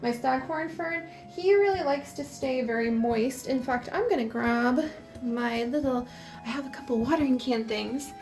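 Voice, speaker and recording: A woman's voice: high-pitched, normal speed, a little mellow, faint music behind. A woman vlogging in a casual, chatty and enthusiastic way, with lots of "like" fillers. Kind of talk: casual chat.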